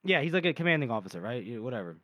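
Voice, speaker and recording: A man's voice: mid-range voice, big pitch swings, very fast, no room sound, highs cut off. A man co-hosting a casual podcast about a book series. He rambles through plot retellings, laughing often and swearing. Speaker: podcast co-host. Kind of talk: casual book-discussion chat.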